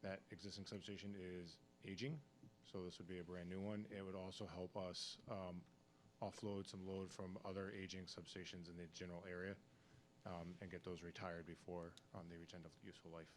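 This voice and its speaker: Man, deep monotone, slight cold, voice cracking, technical explanation, faint rumble. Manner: plain technical, halting with fillers. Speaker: town engineering director. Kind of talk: public meeting explanation. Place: town hall meeting room.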